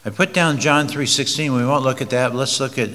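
A man's voice: mid-range voice, bright, forceful tone, in a large hall. A man preaching an expository sermon, reading verses aloud and leaning hard on key words. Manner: slow, emphatic, drawn-out stresses on key words.

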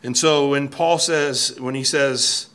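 Pastor guy giving a sermon, earnest and emphatic, keeps repeating words, bright clear tone, mid pitch. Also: fairly even intonation, takes it slowly. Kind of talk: expository sermon. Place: church sanctuary, at a pulpit.

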